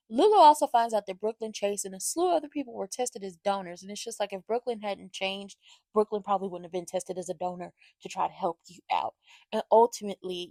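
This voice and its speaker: A woman's voice: fairly high pitch, darkish tone, no room sound. A woman giving an opinionated soap opera recap in a sassy, slangy, ranting way.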